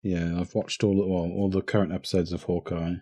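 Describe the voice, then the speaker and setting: A deep-voiced man chats on a relaxed podcast, low-key and dry. His voice sounds close and dead, with no room in it, as he drops the odd corny joke. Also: a little fast, dry recording. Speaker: podcast co-host. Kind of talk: casual chat.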